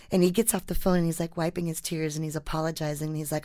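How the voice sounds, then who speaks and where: A woman reporter who first reads her own feature story aloud, then tells an anecdote in a casual, animated way. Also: low voice, quick pace, hardly any pauses, no echo, studio quality. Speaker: newspaper reporter and guest.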